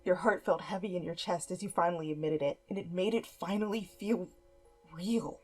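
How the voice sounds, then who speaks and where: Breathy woman narrating a story. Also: fairly low pitch, brisk, soft background music. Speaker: fan fiction reader. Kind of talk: second-person story narration.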